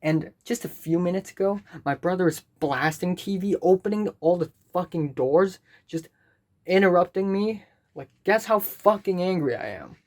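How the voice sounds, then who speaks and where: A woman's voice: on the low side, lively intonation, normal speed, darkish tone. A young woman student ranting in a vlog, exasperated, stammering repeated words and swearing often. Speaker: student vlogger.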